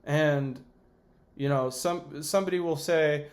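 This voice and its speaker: A man's voice: a little high, expressive, moderate pace. A man hosting a podcast, ranting about politics in a heated, profane way with sarcastic asides. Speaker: podcast host.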